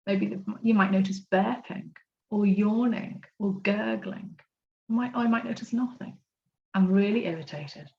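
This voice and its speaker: A woman coaching a group through tapping points on a video call, gentle and encouraging as she walks through each step. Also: medium pitch, steady tone, unhurried, gravelly, highs cut off. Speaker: self-love coach leading a tapping class.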